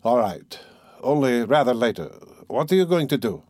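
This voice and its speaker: A man reading an audiobook, voicing a lazy, self-important young doctor who speaks slowly and offhandedly, with hesitant fillers. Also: medium pitch, big pitch swings, a little mellow, dry recording, clean studio sound. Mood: offhand.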